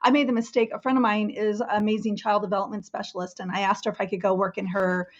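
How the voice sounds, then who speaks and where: A woman hosting a casual interview, enthusiastic and quick to laugh, with rambling restarts. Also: mid-range voice, level tone, dull audio. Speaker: podcast host.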